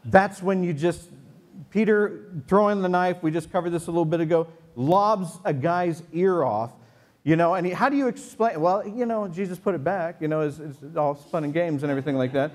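Casual, joking male preacher, storytelling sermon, slightly higher voice. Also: normal speed, a little mellow. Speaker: pastor. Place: church sanctuary before a congregation.

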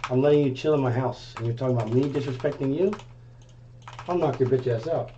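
A man's voice: mid-range voice, fast talker, dark tone, dull audio, a little hiss or hum. A man livestreaming, trading brash, profane taunts and repeating his jabs. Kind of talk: heated livestream argument.

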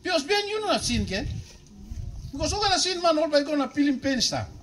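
High, bright-voiced Papua New Guinean preacher man. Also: fairly quick, a little hiss or hum, rough recording. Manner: animated, emphatic preaching that swings from loud exhortation to low, quiet asides. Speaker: bishop preaching. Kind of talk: sermon.

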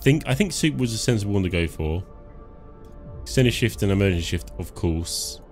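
Male streamer, lowish voice, loose and jokey, quiet game music underneath. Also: lively intonation, normal speed. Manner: joking, chuckles often, self-talk while playing. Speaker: live-stream gamer. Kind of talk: casual live game commentary.

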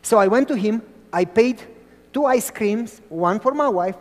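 A man preaches a sermon in a large hall. He tells stories in an animated way and asks his listeners questions. His voice sits high and carries a long reverb. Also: unhurried.

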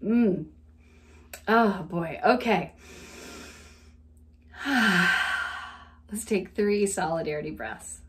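A woman's voice: fairly low pitch, takes it slowly, pauses often. A woman with a Southern American accent leading a playful laughter session, breaking into laughter often. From Southern United States. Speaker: laughter practice leader.

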